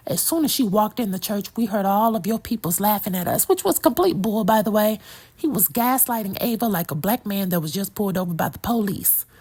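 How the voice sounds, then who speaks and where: A woman's voice: medium pitch, a little mellow, breathy edge. A woman giving an opinionated, sassy movie review in a casual chatty way, talking straight to her viewers. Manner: sassy, opinionated, talks to viewer as "girl" and "child".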